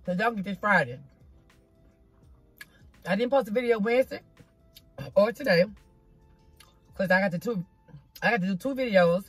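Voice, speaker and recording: Recorded on a phone outdoors in a parking spot, a woman eats and chats casually for a mukbang vlog. Her husky, medium-pitched voice moves at a moderate pace with long pauses, with no room sound and faint music behind. She speaks to viewers in a folksy way, calling them "y'all" and "child" a lot.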